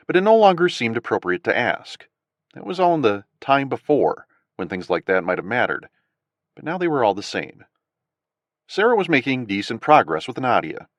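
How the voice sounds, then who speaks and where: Expressive low-voiced male narrator. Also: no room sound. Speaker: audiobook narrator. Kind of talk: scripted narration.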